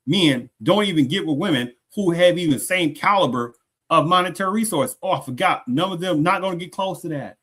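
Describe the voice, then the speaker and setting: A man's voice: on the high side, a bit bright, husky. A man hosting a rambling reaction commentary, often restarting sentences and asking "do you understand?". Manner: repeats rhetorical questions, restarts sentences often. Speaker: commentary channel host.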